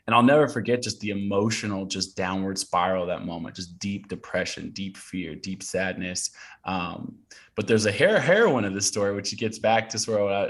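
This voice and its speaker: A man in his thirties from Portland, Oregon, speaks in a low voice as a guest in a casual interview. He tells a personal story earnestly and animatedly, with many fillers and restarts.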